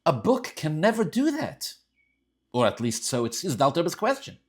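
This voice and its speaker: Man, religious teacher, Ashkenazi yeshiva-style accent, very lively intonation, storytelling lecture. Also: fairly high pitch, normal speed, slightly rough. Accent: Orthodox Jewish English with Ashkenazi Hebrew and Yiddish terms. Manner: animated, swings from soft asides to loud emphatic stretches. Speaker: Torah teacher. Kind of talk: Tanya class with storytelling.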